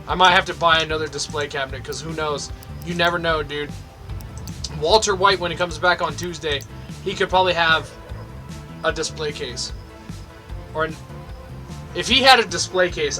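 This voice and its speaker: A man's voice: fairly high pitch, normal speed, long pauses, pushed and bright, faint music behind. A young man giving sweary, mock-angry let's play commentary. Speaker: gaming video host.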